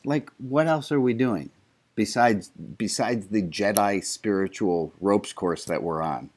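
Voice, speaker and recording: A man's voice: fairly low pitch, a little slow. A man leading an online service as rabbi, joking with participants and often restarting his sentences over a video call. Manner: warm, joking, stumbling restarts. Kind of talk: casual, interactive service talk.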